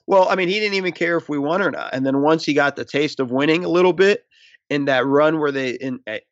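A man's voice: fairly high pitch, brisk, dry recording, lo-fi sound. A man, a former team staffer, talking as a guest in a casual interview, rambling with fillers. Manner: rambling, many fillers and restarts.

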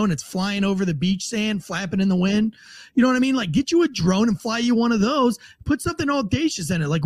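A man with a high, husky voice that leaps all over the place as he rambles through profane, excitable stories on a political chat podcast. The sound is dry and close, with no room around it. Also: no echo. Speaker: podcast host.

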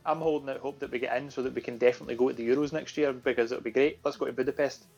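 A man with a Glasgow Scottish accent co-hosting a podcast, a bit tipsy, talking quickly and excitably and stumbling over his words. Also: medium pitch, creaky, slightly rough. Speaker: podcast co-host. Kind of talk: casual chat. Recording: muffled lo-fi podcast audio.

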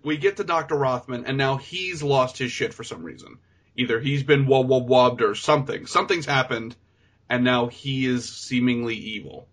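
A man's voice: medium pitch, normal speed, fairly bright tone. A man co-hosting a podcast who animatedly recaps a film, laughing often and acting out the characters. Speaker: podcast co-host. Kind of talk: casual movie recap chat.

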